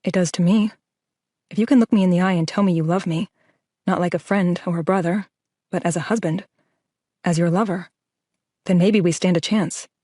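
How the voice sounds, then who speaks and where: A woman doing a wounded, weary young husband in an audiobook, talking quietly and evenly. The low voice is recorded dry, close to the mic. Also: fairly even intonation, normal speed, long pauses, no echo, natural voice. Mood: earnest. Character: young adult husband, injured, tired and wounded. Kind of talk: audiobook character voice.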